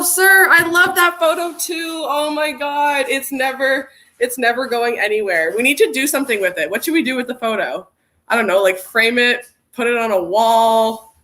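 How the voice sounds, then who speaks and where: Young woman, livestream host, bubbly and chatty, higher voice, bright and forceful. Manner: bubbly, greets viewers by name and reads comments aloud. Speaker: workshop host. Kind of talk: casual livestream chat.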